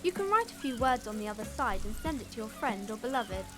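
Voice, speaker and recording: A woman putting on a bright little girl from a game, eager and polite, her voice high and bouncing all over the place. She chirps every line as if greeting a customer. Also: sing-song, quick pace, over music. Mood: chirpy. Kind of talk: game dialogue read aloud.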